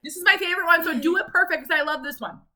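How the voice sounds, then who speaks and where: A woman's voice: very high voice, sharp tone. A mother patiently coaching her son through speech practice at home, prompting him and cheering him on. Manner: patient, encouraging, drawn-out prompting.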